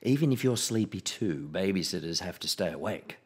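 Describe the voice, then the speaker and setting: A man reading a children's picture book aloud in an expressive, playful storytelling manner. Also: low voice, fairly quick. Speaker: storybook reader.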